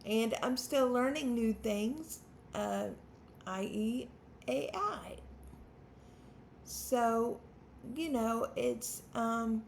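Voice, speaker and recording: A woman's voice: a little high, extremely slow, gravelly, long pauses, a little hiss or hum. A woman in her fifties, a songwriter hosting her own channel, talking unscripted to the camera in a nervous, stammering, self-deprecating way. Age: 50s.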